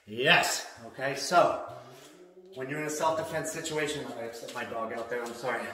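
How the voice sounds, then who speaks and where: A man's voice: fairly high pitch, bright, forceful tone, a little hiss or hum. A middle-aged man teaching self-defense in a blunt, emphatic way, ending his points with "okay?". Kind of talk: instructional workout video. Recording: very echoey room, mic far off.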